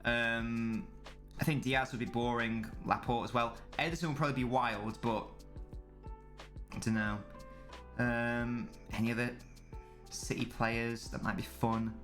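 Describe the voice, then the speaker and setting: A man's voice: medium pitch, steady tone, measured pace, pauses often, fairly bright tone, faint music behind. A young man, casually chatting on a live stream about football, full of banter and swearing. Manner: banter-filled, swearing, answering chat. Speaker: streamer watching a football match.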